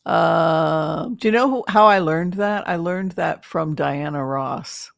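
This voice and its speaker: Woman tarot reader, casual chat, rambling and playful, gravelly voice, slow delivery. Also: deep voice, dry recording, clean studio sound. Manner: rambling, playful, breaks into laughter.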